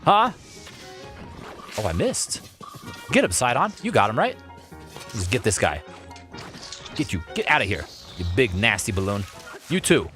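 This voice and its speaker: Male streamer, low voice with wide swings, playful running commentary over soft game music. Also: sing-song, unhurried, pauses often. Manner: playful, talks to game objects and reads chat aloud. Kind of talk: live gameplay commentary. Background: faint game music.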